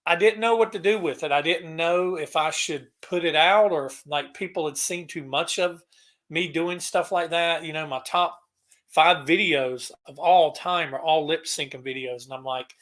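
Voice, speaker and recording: Bright-voiced man chatting on a livestream. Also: fairly high pitch, normal speed. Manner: rambling, greets viewers by name. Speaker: livestream host. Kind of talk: casual live-stream chat.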